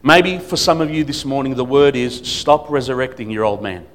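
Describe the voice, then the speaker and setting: A man preaching as a guest speaker at a church service, emphatic, swinging between loud declarations and quiet asides. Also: mid-range voice, lively intonation, normal speed. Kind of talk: sermon.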